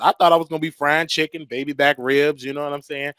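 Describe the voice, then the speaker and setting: A young man hosting a show, telling a comedic story in an animated way and acting out the voices. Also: on the high side, quick pace, few pauses, smooth, dry recording. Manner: animated, acts out voices, laughs between lines. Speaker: show host.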